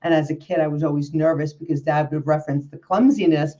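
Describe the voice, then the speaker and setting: A woman's voice: low voice, steady tone, fast talker, mellow, highs cut off. A woman hosting an interview show, effusive and encouraging, talking over a video call. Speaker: show host. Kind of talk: interview chat.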